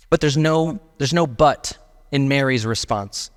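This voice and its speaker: A man's voice: mid-range voice, unhurried, smooth, big-room sound. A male pastor preaching a sermon in a casual, emphatic way, often saying "like". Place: church sanctuary.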